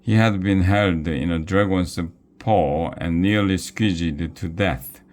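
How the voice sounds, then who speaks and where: A man reads a children's chapter book aloud in a very low voice. He takes his time, now and then tripping over a word and starting it again. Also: darkish tone. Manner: slow, with small slips and restarts. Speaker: storybook reader.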